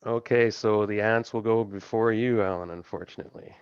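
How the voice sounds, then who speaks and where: A man's voice: fairly low pitch, steady tone, fairly quick, smooth, dry recording, muffled recording. A man casually running a tabletop game as game master, thinking aloud and laughing along with his players.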